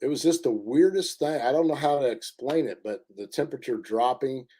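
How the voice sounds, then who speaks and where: A man telling a story in a casual interview, halting often with fillers and restarts. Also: medium pitch, warm tone, slightly rough. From Indiana. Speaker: interview guest.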